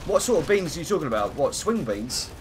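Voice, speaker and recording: Young guy streaming a game, rambly and self-deprecating, slightly high voice, bit of music under him. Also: sing-song, brisk. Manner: chatty, rambling, self-mocking, greets viewers by name. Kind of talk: casual live-stream gaming chat.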